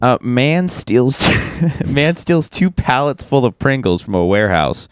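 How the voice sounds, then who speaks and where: Lively, crude podcast co-host man. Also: medium pitch, clear, resonant tone, dry recording. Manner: crude, teasing, quick to laugh. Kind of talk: casual comedic chat.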